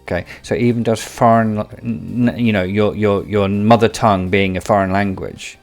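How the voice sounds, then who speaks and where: A man's voice: on the low side, fairly even intonation, moderate pace, soft background music. A man hosting a tech tutorial, rambling and repeating words as he searches for what to say. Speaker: tech video host. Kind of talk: tutorial commentary.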